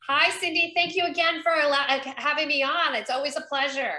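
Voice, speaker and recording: Woman candidate, bright chatty voice, a bit high, roomy sound. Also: fairly even intonation, brisk. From North Carolina. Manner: upbeat and chatty, acts out quoted conversations. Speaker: congressional candidate. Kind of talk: casual interview. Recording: roomy echo.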